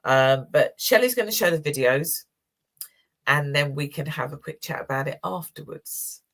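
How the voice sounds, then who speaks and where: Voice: medium pitch, normal speed, gravelly, fairly bright tone. A host introducing a segment in casual, chatty talk. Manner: chatty, with fillers. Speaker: host of a community show. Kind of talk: casual chat.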